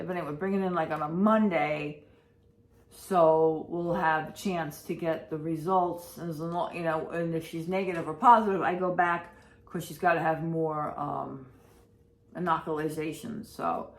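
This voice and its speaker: A woman vlogging casually at home, rambling and repeating herself in an anxious, emotional way. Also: low voice. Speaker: vlogger and pet owner. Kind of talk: casual day-in-the-life vlog. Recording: roomy with faint background noise.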